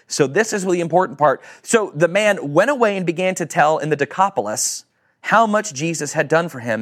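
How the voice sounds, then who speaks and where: A man preaching a sermon to a congregation, animated, acting out quoted voices and asking questions. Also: on the high side, a little fast. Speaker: pastor.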